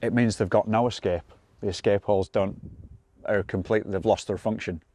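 A man's voice: on the low side, fairly even intonation, a little fast, darkish tone. A wildlife expert, a man, explaining outdoors by a river and pointing things out.

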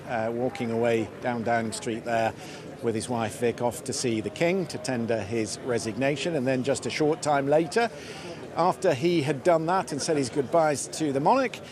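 Male news anchor, live outdoor broadcast, brisk and conversational, crowd noise behind. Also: mid-range voice. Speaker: news presenter. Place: outdoors on a city street. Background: crowd chatter and passing traffic.

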